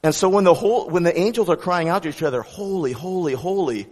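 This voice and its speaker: Male pastor, slightly higher voice, conversational animated sermon in a reverberant sanctuary. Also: rapid-fire. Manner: conversational, animated preaching with many restarts.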